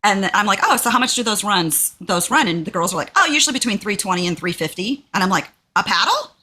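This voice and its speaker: A woman's voice: medium pitch, fast. A woman from Texas co-hosting a podcast, telling a story in casual chat and acting out quoted lines in a raised voice. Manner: animated, acts out quotes in a raised voice. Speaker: podcast co-host.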